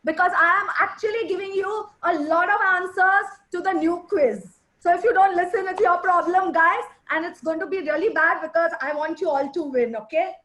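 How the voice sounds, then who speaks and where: A woman trainer with a very high, bright voice, running an online sales session over a video call. She talks emphatically, stresses key words and keeps prodding her listeners to answer. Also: normal speed, hardly any pauses. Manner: lively, emphatic, coaxing the audience. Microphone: video call mic.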